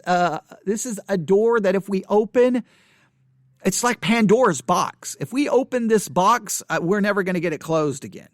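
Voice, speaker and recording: A man reading from an article and commenting on it in an earnest way, often halting and restarting his sentences. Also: high voice, animated, no echo, studio quality. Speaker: Christian commentator.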